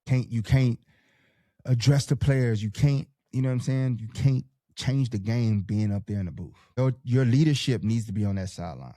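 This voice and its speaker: Fired-up slangy podcast host with a mellow voice. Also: male voice, medium pitch, normal speed, dry recording, studio quality. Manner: fired-up, slangy pep-talk delivery. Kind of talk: casual sports podcast chat, reading live comments.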